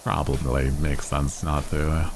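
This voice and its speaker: A man's voice: extremely low pitch, level tone, slow, slight background noise, low-quality recording. A young man streaming a game, chatting casually and rambling with fillers and restarts. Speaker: VTuber streamer. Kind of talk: casual gaming stream chat.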